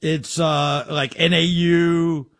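A middle-aged man co-hosting a casual sports talk show, telling stories with excitable energy. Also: fairly high pitch, takes it slowly. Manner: animated storyteller, excitable. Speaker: co-host.

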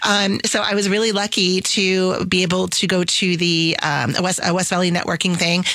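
Hoarse woman radio host, bright and dry studio sound, chatty. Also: fairly low pitch, level tone, moderate pace, no room sound. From Arizona. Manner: chatty, laughing easily. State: lost her voice, hoarse. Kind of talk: casual chat.

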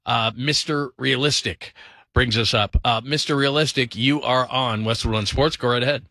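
A man's voice: mid-range voice, normal speed, bright, forceful tone, dry recording. A man hosting a late-night sports call-in radio show from a studio, upbeat and laughing easily. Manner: upbeat, laughs easily, reads phone number often. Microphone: studio microphone.

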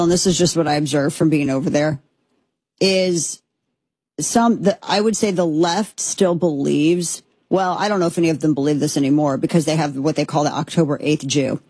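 Husky lower-voiced woman ranting on her commentary show, dry close sound, fired up, keeps restarting. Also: a little mellow, no room sound. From United States. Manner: emphatic, impassioned, rambling with restarts. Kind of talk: opinionated political commentary.

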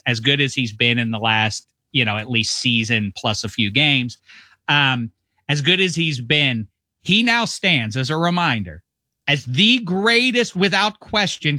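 A man's voice: medium pitch, animated, measured pace, sharp tone, no echo. A middle-aged man from the Midwest, a football analyst chatting casually on sports radio over a video call, rambling with self-mocking asides.

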